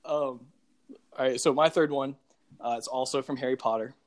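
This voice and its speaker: A man's voice: mid-range voice, moderate pace. Young man in laid-back chat. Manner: laid-back, trades film quotes, laughs often. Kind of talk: casual chat.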